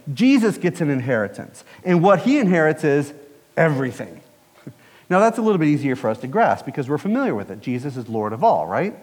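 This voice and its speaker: A man's voice: a little high, darkish tone, big-room sound. A man preaching a sermon as pastor, conversational and putting questions to the congregation.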